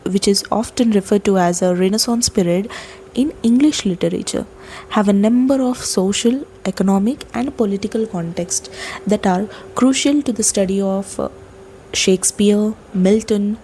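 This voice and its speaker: A woman giving a lecture, explaining poetic terms step by step, with fillers and pauses. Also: mid-range voice, mellow, a little hiss or hum, rough recording.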